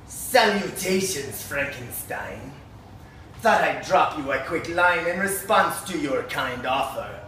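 A grandiose mad surgeon with a thick put-on German accent, as a man acts him out, pitched high and swooping all over his range, speaking slowly. The voice is heard from a distance in a very echoey room with faint noise behind. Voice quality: mock German accent, theatrical and self-satisfied. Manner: grandiose, smug, bursts into shouting rants. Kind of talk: comic character monologue.

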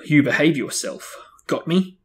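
A man reading aloud and voicing a blustering, bullying middle-aged uncle who snarls threats, a little louder and higher than his own voice. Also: lively intonation, unhurried. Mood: gruff.

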